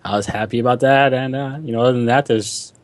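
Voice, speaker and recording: A man's voice: mid-range voice, steady tone, quick pace, no room sound. A man hosting a casual gaming podcast, talking in a rambling, filler-heavy way. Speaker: podcast host. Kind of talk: casual chat.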